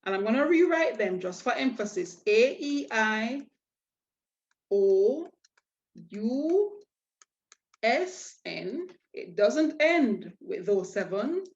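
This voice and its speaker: Slow, patient woman teacher. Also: on the high side, big pitch swings, a little mellow, highs cut off. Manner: slow, patient explanation, spelling out letters. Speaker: Spanish teacher. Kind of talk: online lesson.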